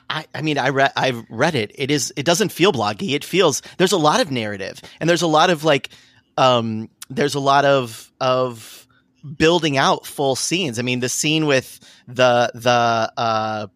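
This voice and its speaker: A man's voice: mid-range voice, a bit bright, dry recording, clean studio sound. A man hosting a podcast, chatting casually and searching for words with frequent restarts. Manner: halting, restarts with many fillers. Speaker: podcast host. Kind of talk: casual interview chat.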